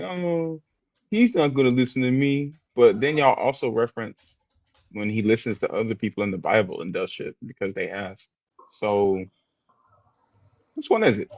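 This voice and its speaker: A man's voice: lowish voice, no echo, lo-fi sound. A man talking bluntly and argumentatively in a casual podcast chat. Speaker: podcast co-host.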